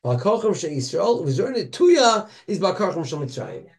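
A man's voice: high voice, normal speed. A man sharing a Torah insight in a casual study group, asking rhetorical questions and quoting Hebrew sources. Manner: animated, rhetorical questions, mixes Hebrew and Yiddish terms.

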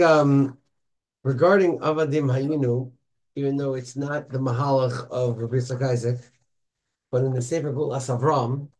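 A man sharing a Torah insight in a casual study group, asking rhetorical questions and quoting Hebrew sources. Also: mid-range voice. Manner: animated, rhetorical questions, mixes Hebrew and Yiddish terms.

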